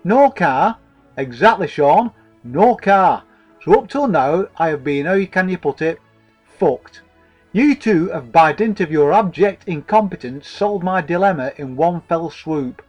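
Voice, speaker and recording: A man's voice: on the high side, expressive, a little slow, a little mellow, dull audio, soft background music. A man voicing a jovial, wily fat man, chortling and using mock-grand words.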